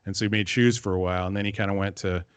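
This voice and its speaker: A man in his forties, a composer guest on a podcast, talking in a relaxed, meandering way with many fillers. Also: low-pitched, very fast, clear, resonant tone, dry recording. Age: 40s. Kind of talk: casual interview chat.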